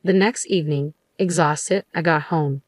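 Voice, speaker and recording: A woman reads a first-person story in a steady, matter-of-fact way. Her voice is low, and the recording is dry and close with no room sound. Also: moderate pace, no room sound. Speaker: story narrator. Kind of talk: scripted first-person narration.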